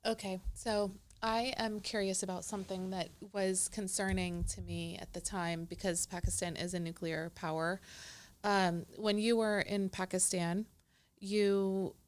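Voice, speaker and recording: Kobieta prowadząca wywiad, dociekliwa, zadaje pytania i wtrąca krótkie reakcje, mówi głosem o średniej wysokości. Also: female voice, medium pitch, little pitch movement, measured pace. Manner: inquisitive, interjects short replies. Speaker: interview host. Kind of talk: conversational interviewing.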